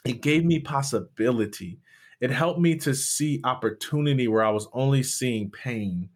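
A pastor in his younger adult years speaks candidly and earnestly as a guest on an interview podcast. He retells events with animated energy, repeating words and restarting phrases as he goes. He is a man from Michigan with a middle-pitched voice. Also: normal speed. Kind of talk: candid storytelling and conversation.

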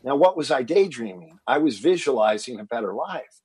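A man's voice: mid-range voice, moderate pace, breathy edge, no echo, low-quality recording. A man telling a personal story as a podcast guest, acting out what his family said. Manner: animated, acts out quoted family dialogue.

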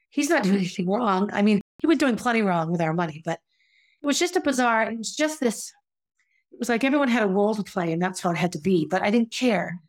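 A woman telling her own story in a candid, conversational way, reflective and confessional, often restarting her sentences. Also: mid-range voice. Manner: conversational, with frequent restarts and asides.

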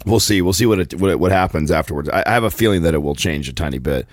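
Gravelly deep-voiced male podcast co-host. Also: lively intonation, rapid-fire, no echo, clean studio sound. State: hoarse from teaching classes. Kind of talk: casual banter.

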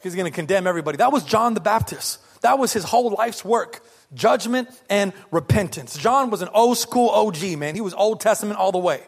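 A pastor preaches a sermon in a conversational, lively style, firing off rhetorical questions to the congregation. His voice sits high and sounds husky, and his pace is brisk.

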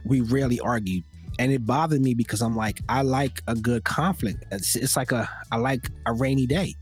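A man hosting a casual talk podcast, telling stories and acting out loud quotes as he goes. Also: mid-range voice, moderate pace, slightly rough, soft background music. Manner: animated storytelling with loud acted-out quotes. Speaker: podcast host. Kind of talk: casual conversation.

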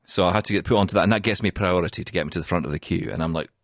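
A man from the UK co-hosting a podcast in casual chat, telling a story in an animated way and often laughing. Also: low voice, racing, dry recording, clean studio sound. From United Kingdom. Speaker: podcast co-host.

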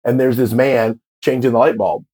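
Speaking with a husky, medium-pitched voice at normal speed, a drag performer in his fifties spins anecdotes during a relaxed interview. He's an animated storyteller who performs the voices of everyone he quotes.

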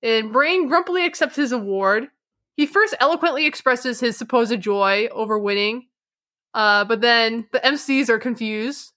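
A woman co-hosting a podcast, recapping an episode in an animated, laughing way. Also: on the high side. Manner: animated, laughing, does quick impressions. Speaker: podcast co-host.

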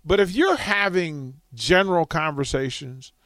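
Animated, high-voiced male radio host. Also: unhurried, no room sound. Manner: animated, laughing storyteller. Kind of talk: storytelling on talk radio.

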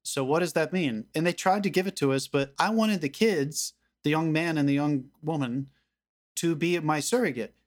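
A man's voice: fairly high pitch, moderate pace. A man co-hosting a podcast, giving his film opinions in an emphatic, conversational way. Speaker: podcast co-host. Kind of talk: casual film discussion.

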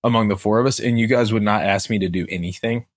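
A man's voice: fairly low pitch, steady tone, fast talker, no echo. A man co-hosting a podcast, chatting casually and laughing often at his own expense. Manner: self-deprecating, laughs often. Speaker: podcast co-host. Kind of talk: casual chat.

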